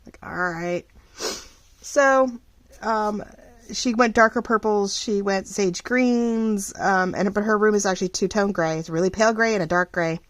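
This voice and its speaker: A middle-aged woman running a small shop, chatting casually and rambling while she crafts, full of fillers and lively ups and downs. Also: mid-range voice, normal speed, no echo. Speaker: craft vlogger and shop owner.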